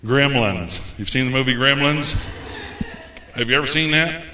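A man preaching a folksy, animated sermon as a visiting preacher. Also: mid-range voice, unhurried, background noise. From United States. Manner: folksy, animated, acts out quoted voices. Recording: echoey room.

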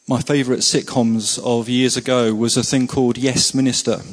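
A man's voice: medium pitch, flat delivery, moderate pace, hardly any pauses. Earnest male preacher in a hall. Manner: earnest, repeats words for emphasis, frequent fillers. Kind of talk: sermon with prayer.

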